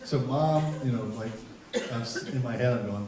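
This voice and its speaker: A middle-aged man, a psychologist, telling stories to a seminar audience in an animated, humorous way and acting out voices. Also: mid-range voice, normal speed. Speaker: psychologist giving a parenting seminar. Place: large hall with an audience. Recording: roomy, distant, noisy hall recording.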